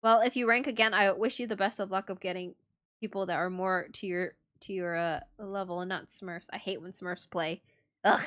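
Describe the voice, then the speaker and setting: A young woman streamer chatting with her viewers in a lively, excitable way. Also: mid-range voice, moderate pace. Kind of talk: casual live-stream chat and reading.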